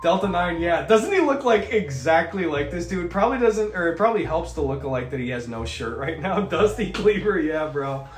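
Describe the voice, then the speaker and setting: A man's voice: a little high, lively intonation, a little fast, few pauses, reverberant, soft background music. A man chatting casually on a livestream, rambling and swearing as he reads out chat messages, and a little sick. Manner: rambling, swearing, jokey asides. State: a bit sick. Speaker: streamer reading chat.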